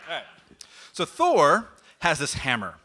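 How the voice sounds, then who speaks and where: A man giving a comic storytelling talk, in an animated and playful way. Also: fairly high pitch, measured pace. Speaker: speaker at a nerd talk night.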